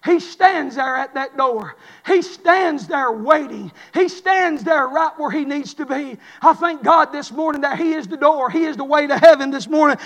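A man, preaching a sermon in an impassioned, shouting cadence in a church. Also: very high voice, moderate pace, hardly any pauses. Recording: long reverb of a large hall.

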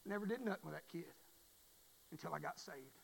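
A man preaching a fervent sermon in a church, repeating his phrases and swelling into loud pleas. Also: a little high, lively intonation, fairly quick, gravelly, husky, big-room sound, poor audio. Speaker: pastor.

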